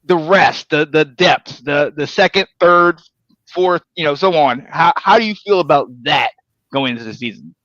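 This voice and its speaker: Sports talk guy, kinda high voice, rambly and hyped, dull dry sound. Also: moderate pace, no echo. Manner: energetic, rambling, pitch jumps when excited. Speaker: podcast host.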